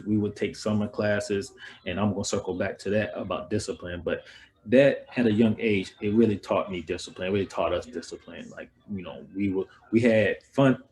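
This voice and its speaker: A young man and former college basketball player, telling a personal story in a relaxed, rambling way. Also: low-pitched, a little hiss or hum, poor audio. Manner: relaxed, rambling, repeats words. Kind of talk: casual storytelling talk.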